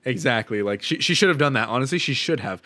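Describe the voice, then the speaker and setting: Profane, animated young man venting, dry sound. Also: mid-range voice, fast talker, dry recording. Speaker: podcast co-host. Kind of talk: casual chat, storytelling.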